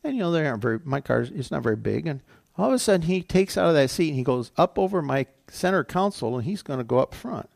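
A man's voice: a little high, big pitch swings, fast, gravelly, darkish tone, no room sound, clean studio sound. An older man preaching a sermon as pastor, telling a personal story in a conversational way with frequent restarts. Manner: conversational, storytelling with self-corrections.

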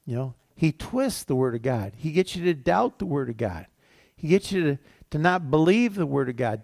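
Gravelly-voiced pastor preaching a sermon. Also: male voice, a little high, big pitch swings, a little fast, darkish tone, no echo, studio quality. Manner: preaching with acted quotes of temptation, rising and falling.

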